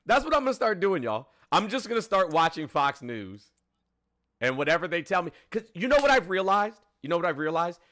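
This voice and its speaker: Brief: male call-in host, higher pitch, very bright and forceful tone, blunt and profane. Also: sing-song, brisk. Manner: blunt and profane, with frequent fillers. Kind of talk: casual political chat.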